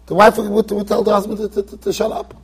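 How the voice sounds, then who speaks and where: A man's voice: high-pitched, completely flat delivery, fast talker, breathy edge. A man teaching a Torah class as a rabbi in a yeshiva, talking emphatically, firing rhetorical questions and repeating himself as he drives a point home. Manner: emphatic, asks rhetorical questions, repeats phrases, stumbles on restarts. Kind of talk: lecture-style Torah class. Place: yeshiva study hall.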